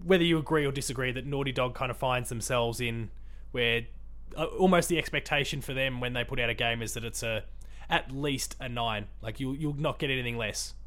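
Male podcast host, mid-pitched, rambling and chatty. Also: a little fast, a bit bright. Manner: rambling, chatty, many restarts. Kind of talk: casual podcast chat.

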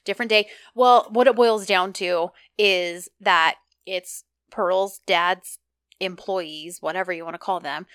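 A woman's voice: fairly low pitch, unhurried, clean tone, no echo. Casual female co-host, chatty recap, dry close sound. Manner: chatty, animated retelling with quoted lines. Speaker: podcast co-host.

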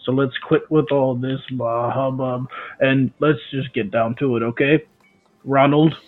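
A man's voice: mid-range voice, steady tone, a little slow. A man playing a tabletop game, talking bluntly and confrontationally in character. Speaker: player. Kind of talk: tabletop role-play. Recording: tinny phone-like call audio.

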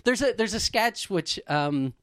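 A man's voice: sits high, a little slow, dry recording, studio quality. A man in casual podcast chat, telling a story animatedly and acting out quotes. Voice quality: animated storyteller, breaks into laughter and acted-out quotes.

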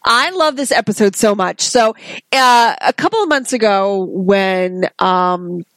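A woman's voice: mid-range voice, a bit bright, no room sound. A woman co-hosting a podcast, chatting casually and unhurriedly about favorite cartoon episodes. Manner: unhurried, hesitant with fillers. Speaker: podcast co-host.

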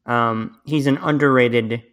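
A man hosting a casual podcast, talking at a middling pitch. He rambles loosely, restarts his sentences and swears without a second thought. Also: steady tone, slow pace, a bit bright. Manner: profane, rambling, frequent restarts. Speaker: podcast host. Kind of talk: casual chat.

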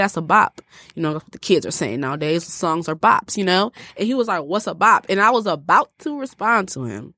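A young woman, co-hosting a podcast and telling stories in an animated, laughing way. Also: low voice, dry recording. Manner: animated storytelling with frequent laughter. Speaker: podcast co-host. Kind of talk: casual podcast chat. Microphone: podcast microphone.

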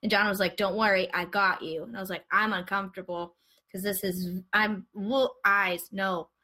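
A woman hosting a podcast, chatting casually and telling stories with lively asides. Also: medium pitch. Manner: animated storytelling, quick asides. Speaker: podcast host. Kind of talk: casual chat.

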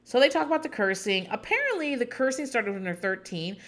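A woman's voice: mid-range voice, animated, fairly quick. A woman hosting a podcast, recapping a reality show in casual, rambling chat with sarcastic asides.

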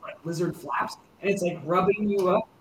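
High-voiced man game master. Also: fairly even intonation, moderate pace, a little hiss or hum. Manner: rambling, restarts with filler words. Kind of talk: narrating a tabletop game. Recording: roomy echo.

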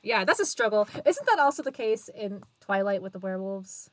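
A woman's voice: mid-range voice, animated, a little fast, dry recording. A woman co-hosting a casual book podcast over a video call, recapping chapters and laughing often. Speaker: podcast co-host.

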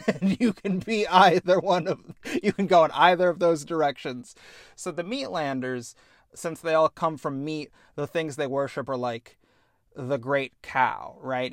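A man's voice: mid-range voice, dry recording, clean studio sound. A man hosting a podcast, explaining at length in a casual, enthusiastic way and often correcting himself mid-sentence. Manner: rambling, enthusiastic, self-correcting. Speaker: podcast host.

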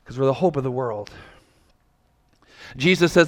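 A male pastor preaching a sermon, telling a lively story and acting out the voices of the people in it. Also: medium pitch, a little slow. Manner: animated, acts out quoted voices. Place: large church hall. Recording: long hall reverb.

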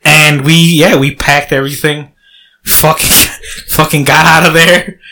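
Man, high bright voice, animated storyteller, laughs and swears, casual chat. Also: a little slow.

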